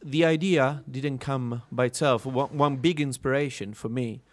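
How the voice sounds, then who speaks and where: A man's voice: medium pitch, normal speed. A young man with an Italian accent, a musician answering interview questions in a hesitant way with many fillers and restarts. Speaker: musician, band leader.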